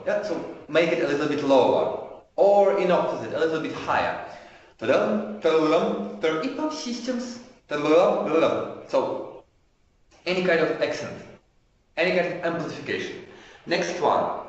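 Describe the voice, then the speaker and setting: A man leads an online training session, and his voice sits a little high for a man. He speaks haltingly and often restarts his phrases. The call sounds very echoey and dull. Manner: explanatory, demonstrates pitch and pace changes.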